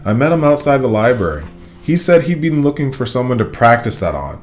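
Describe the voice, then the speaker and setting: A man's voice: mid-range voice, sing-song, fairly quick, soft background music, voice pushed up, natural voice. A man voicing a timid schoolboy wizard from a children's book, shaky and mumbling.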